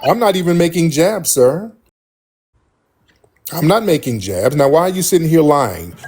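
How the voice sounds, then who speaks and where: A male livestream host grilling a caller, pressing the same sharp questions again and again. His voice sits a bit high and swings animatedly, with a husky grain. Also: big pitch swings, normal speed. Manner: combative, repeats pointed questions. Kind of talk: confrontational call-in debate.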